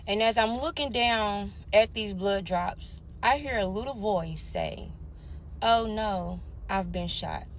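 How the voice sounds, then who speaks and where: A woman's voice: medium pitch, a little hiss or hum. A young adult woman telling a personal story candidly, talking straight to her listeners. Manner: candid, addresses listeners as y'all. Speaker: storyteller sharing her life.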